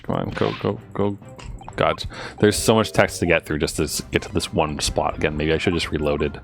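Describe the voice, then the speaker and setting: A man's voice: very deep voice, a little fast, gravelly, soft background music. A man streaming a courtroom game, thinking aloud in casual, muttered commentary.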